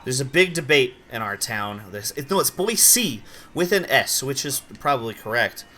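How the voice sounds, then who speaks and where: A sleepy young man from Idaho chatting casually on a live stream while gaming, rambling with quick outbursts. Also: mid-range voice, lively intonation, pushed and bright. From Idaho, USA.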